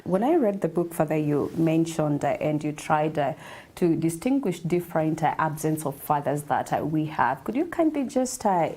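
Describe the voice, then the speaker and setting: A woman's voice: deep voice, animated, normal speed, dark tone, breathy edge. A woman hosting a live studio talk show, polite and hesitant with many fillers.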